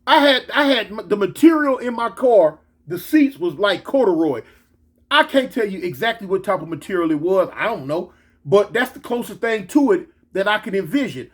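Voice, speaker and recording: A man telling a story in a casual, slangy, animated way. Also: high voice, normal speed. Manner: animated, slangy, switches into excited quoted voices.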